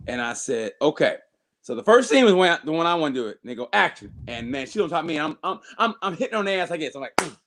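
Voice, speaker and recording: A man telling a long, profane story in casual podcast chat, animated and full of restarts and acted-out quotes. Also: fairly high pitch, quick pace.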